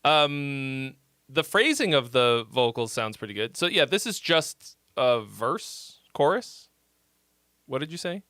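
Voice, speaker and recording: A man's voice: medium pitch, sing-song, slow, bright, forceful tone, smooth, no echo, clean studio sound. A man from Massachusetts hosting a livestream, giving song feedback in a rambling, chatty way and laughing easily. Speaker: host reviewing listener songs. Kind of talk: casual livestream commentary.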